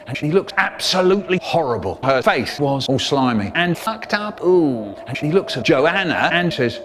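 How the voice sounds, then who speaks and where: An older man narrating a comic story theatrically, swinging between hushed asides and sudden bursts. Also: medium pitch, big pitch swings, measured pace, a little hiss or hum.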